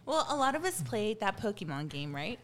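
A woman hosting a casual group chat, laughing often and talking in an animated way. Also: mid-range voice, brisk, a crowd in the background.

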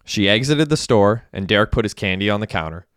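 A man reading a novel aloud in an even, steady storytelling manner. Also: lowish voice, brisk, clean tone, no room sound, studio quality. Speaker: narrator. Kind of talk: audiobook narration.

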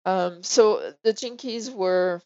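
A woman's voice: mid-range voice, takes it slowly, darkish tone, dull audio. A woman with a French accent, a medium speaking as an interview guest in casual, thoughtful chat.

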